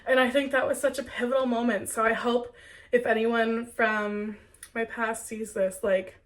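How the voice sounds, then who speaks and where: A woman's voice: a little high, little pitch movement, moderate pace, distant mic. A young adult woman who is sick with a cold, talking earnestly and chattily to viewers in a spiritual Q&A vlog. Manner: earnest, heartfelt, chatty with many "like"s. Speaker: spiritual content creator.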